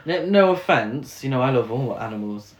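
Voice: medium pitch, animated, normal speed. A podcast co-host recapping a film in casual chat, sarcastic and laughing. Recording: echoey room.

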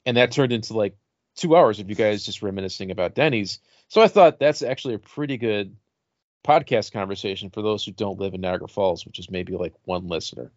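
Low-voiced swearing man on a dull podcast mic. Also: quick pace, no room sound. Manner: rambling, swears freely, laughs at own jokes. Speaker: podcast host. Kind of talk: casual podcast chat.

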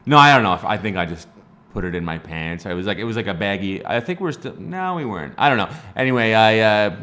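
A man's voice: on the low side, expressive, fast, pushed and bright. A man co-hosting a casual chat, telling a long rambling story from Canada and laughing through it with many restarts. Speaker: podcast co-host telling a story.

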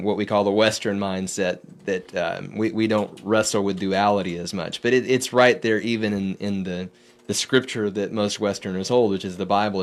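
A man with a lowish voice talks through spiritual ideas in a relaxed, searching way. He often restarts his phrases as he works out what he means. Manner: thoughtful, searching, with frequent restarts. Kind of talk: casual spiritual discussion.

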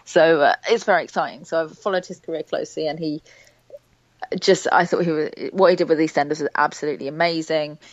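A woman's voice: deep voice, steady tone, quick pace, no room sound, dull audio. A woman TV critic from the UK, chatting with amusement and opinions about television. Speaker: TV critic guest. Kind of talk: casual chat.

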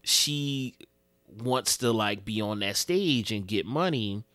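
Low-voiced man, loose slangy podcast chat. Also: expressive, slow, pushed and bright, dry recording. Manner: loose, profane street slang, rambling storytelling. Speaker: podcast co-host.

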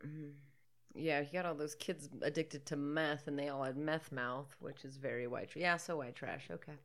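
A woman's voice: deep voice, steady tone, normal speed. A woman co-hosting a podcast, chatting casually while watching a movie, joking, swearing and laughing often. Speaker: podcast co-host.

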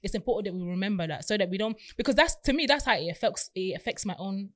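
A woman's voice: medium pitch, fast. A woman co-hosting a podcast, speaking in a casual, reflective way and giving earnest advice. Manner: reactive, emphatic, reflective. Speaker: podcast co-host. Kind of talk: casual chat.

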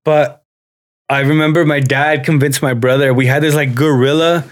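A man's voice: on the high side, flat delivery, normal speed. A young man co-hosting a podcast, telling stories in casual chat, profane and laughing often. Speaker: podcast co-host.

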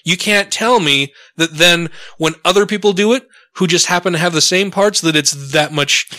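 A man's voice: sits high, normal speed. A man co-hosting a podcast, telling stories in casual, profane chat and acting out the people he quotes. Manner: profane, animated storytelling with acted quotes. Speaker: podcast co-host.

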